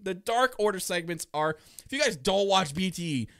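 Laughing, animated guy recapping wrestling. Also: sits high, normal speed, dry recording, clean studio sound. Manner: laughs often, animated, acts out quotes. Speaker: podcast co-host. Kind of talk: casual wrestling recap chat.

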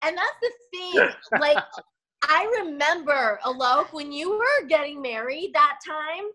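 A woman chatting casually in a blunt, talkative way, leaning heavily on fillers like "like." Her voice is high and very bright. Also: animated, a little slow, rough recording. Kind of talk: casual chat.

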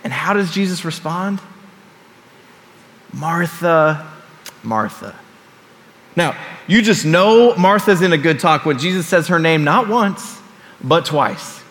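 A man's voice: high-pitched, normal speed, a bit bright. Casual preacher man in a reverberant hall. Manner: conversational, with casual asides and repeated phrases. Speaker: pastor. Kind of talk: sermon. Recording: long reverb of a large hall.

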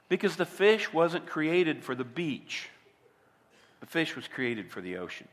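A man's voice: on the high side, sing-song, a little slow, in a large hall. A man preaching a sermon as a pastor, emphatic and asking his listeners direct questions. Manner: emphatic, asks the audience rhetorical questions.

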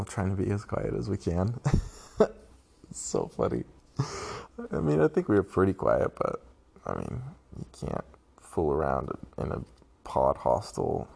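Gravelly low-voiced young man telling a trip story. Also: a little mellow. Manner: rambling, profane, laughs often. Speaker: vlogger. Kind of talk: casual travel storytelling.

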